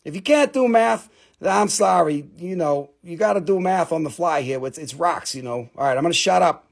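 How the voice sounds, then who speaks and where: A man runs a live mineral sale, cracking jokes and swearing as he rambles. His voice sits high with a gravelly fry. He comes across as a self-mocking jokester. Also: lively intonation, moderate pace. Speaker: live-stream mineral seller. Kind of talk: joking live sales banter.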